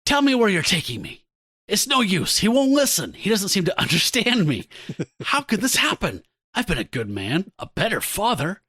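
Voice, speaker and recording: A pleading, sentimental older father, as a man puts him on. He speaks earnestly, his pitch rising and falling with feeling. The voice sits a little high and is recorded dry. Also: huge pitch swings, normal speed, sharp tone, slightly rough, no echo, heavily acted.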